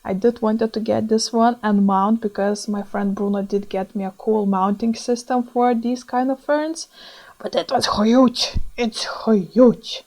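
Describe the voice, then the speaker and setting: A young woman with a Lithuanian accent, chatting excitedly over her own plant shopping footage with small grammar slips. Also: mid-range voice, low-quality recording. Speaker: plant vlogger.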